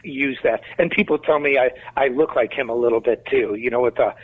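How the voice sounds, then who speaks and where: Chicago man, guest musician, rambling storyteller; husky voice on a tinny remote line. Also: mid-range voice, fairly quick. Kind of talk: casual interview talk.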